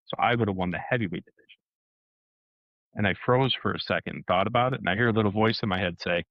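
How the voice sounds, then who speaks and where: A man telling a story in a lively way, with sound effects and acted-out dialogue. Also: lowish voice, quick pace, no room sound, lo-fi sound. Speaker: co-host and martial arts competitor. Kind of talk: animated casual storytelling.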